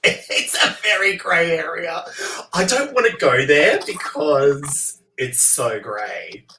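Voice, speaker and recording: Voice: mid-range voice, expressive, slow, bright, forceful tone. A co-host on a casual chat show making dry, wry asides. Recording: roomy, distant mic with faint noise.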